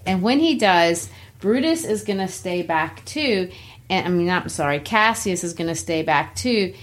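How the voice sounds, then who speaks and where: A woman's voice: on the low side, lively intonation, a little slow. A woman teaching a literature lesson in a casual way, explaining scenes and paraphrasing lines in plain words.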